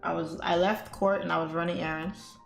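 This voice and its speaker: Woman livestream host, casual chatty storytelling, raspy edge, roomy echo, faint music behind. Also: lowish voice, fairly even intonation, a little fast. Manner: chatty, addresses viewers as y'all and guys. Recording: echoey room with faint music.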